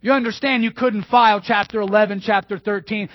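A male pastor preaching a sermon emphatically, repeating key phrases and dropping to hushed asides. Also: sits high, steady tone, a little fast, no echo. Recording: dull dry lo-fi sermon recording.

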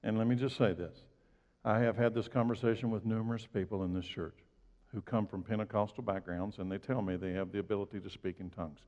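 A man's voice: steady tone, fast. Male pastor, conversational sermon, long church reverb, dull muffled sound. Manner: conversational, storytelling preacher with big swings in pitch and loudness.

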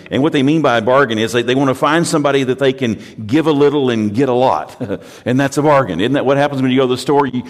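A man's voice: medium pitch, in a large hall. A pastor from the United States preaching a sermon in a conversational, storytelling way, often repeating words as he restarts.

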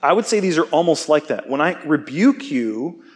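A man giving a conversational sermon, relaxed and self-deprecating, often checking in with his listeners. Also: on the high side, moderate pace. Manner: casual, self-deprecating, asks "okay?" often. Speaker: preacher.

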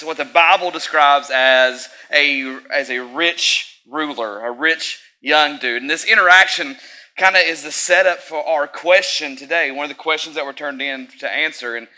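A man's voice: on the high side, pushed and bright, low-quality recording. A young man giving a casual, talkative sermon, full of fillers and asides to the audience.

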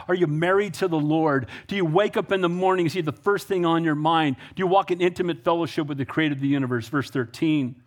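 A man preaching a sermon in a notably high voice, swinging between quiet asides and bright, climbing emphasis. He tells stories, asks pointed questions and calls for amens. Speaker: pastor.

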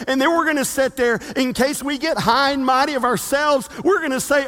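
A man preaching a sermon, swinging between loud emphatic lines and low hushed ones. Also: big pitch swings, brisk, hardly any pauses. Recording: long reverb of a large hall.

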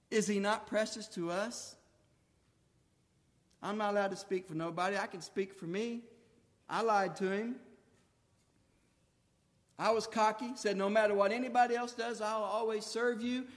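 A man preaching a sermon in a colloquial, folksy way, swinging between hushed tones and shouting as he acts out dialogue. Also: high-pitched. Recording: long hall reverb.

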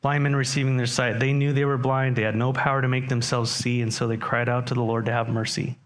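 A man's voice: mid-range voice, little pitch movement, quick pace. A man preaching a sermon as pastor, talking conversationally and putting questions to his congregation.

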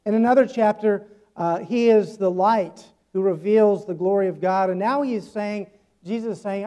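A middle-aged male pastor preaching a sermon, earnest, moving between emphatic points and hushed asides. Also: sits high, normal speed.

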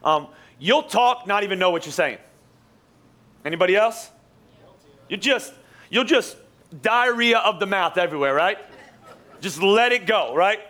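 A man preaching a live sermon as pastor in a church, jokey and energetic, teasing his congregation. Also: sits high, measured pace, long pauses. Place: church auditorium.

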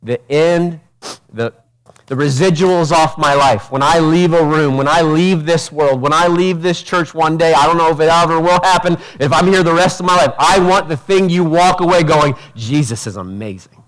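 A man's voice: on the high side, steady tone, moderate pace. Passionate man preaching a sermon. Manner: passionate, swings from loud urgent peaks to quiet intimate asides; preaches with rhetorical questions and acted quotes. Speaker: pastor.

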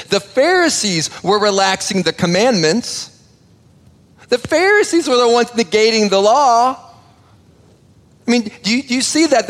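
A man's voice: high-pitched, fairly bright tone. A man preaching a sermon in a conversational way, often restarting words and acting out little dialogues. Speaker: pastor. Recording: long hall reverb.

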